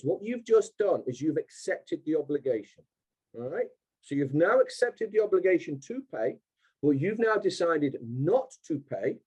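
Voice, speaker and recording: A man's voice: a little high, darkish tone, slightly rough. A man speaking emphatically on a call, repeating his points and acting out imagined exchanges. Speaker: guest speaker. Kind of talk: animated call talk.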